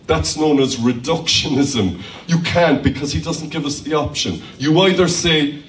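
A man preaching a lively sermon as pastor in a church hall, calling out hallelujahs. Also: medium pitch, unhurried, slight background noise. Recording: echoey church hall from far off.

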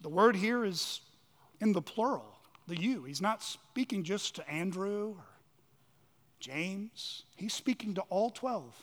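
High-voiced man preaching in a hall. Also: lively intonation, slow pace. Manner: dramatic preaching, swinging from loud emphasis to hushed lows. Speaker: pastor. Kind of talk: sermon. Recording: long hall reverb.

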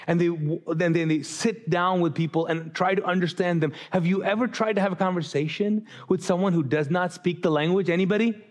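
A pastor with a high, somewhat dark-toned voice preaches to his congregation from a church stage. He often restarts his sentences and acts out the voices of the people he quotes. He grew up Muslim.

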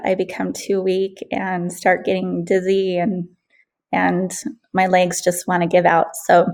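A woman from Utah speaking as a guest in a casual interview, candid and halting, with small laughs and running short of breath. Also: mid-range voice, gravelly, a little mellow.

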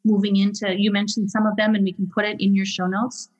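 A woman's voice: mid-range voice, level tone, quick pace, a little mellow, husky, long reverb tail, muffled recording. A woman hosting an interview podcast, asking questions and backing the guest with short agreements. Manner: supportive, asks questions, frequent mm-hmms. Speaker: podcast host.

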